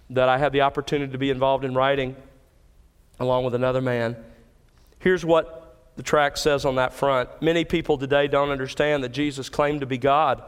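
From the pulpit, a pastor preaches an expository sermon, his voice echoing through a hall with long reverb. The voice is smooth, resonant, and somewhat higher than average, and he gives important words emphatic lifts.

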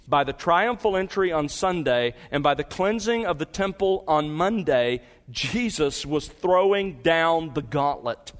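Impassioned man preaching a sermon. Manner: emphatic preaching, rising to high impassioned peaks and dropping to soft earnest appeals. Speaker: pastor.

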